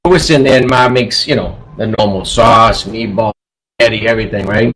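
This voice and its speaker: A man's voice: medium pitch, a little fast, a bit bright, rough recording. A man, a guest relative telling a casual family anecdote.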